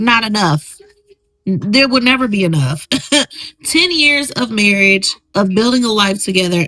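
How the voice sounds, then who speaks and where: A blunt, emphatic woman hosts a solo podcast, reacting to posts she reads out. Her voice is bright and fairly high, and it sounds dry and close to the mic. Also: dry recording, rough recording. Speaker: podcast host.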